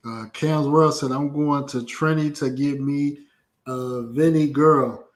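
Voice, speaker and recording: A man from the United States hosting a podcast, asking easygoing, halting questions in a casual interview. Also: on the high side, steady tone. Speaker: podcast host.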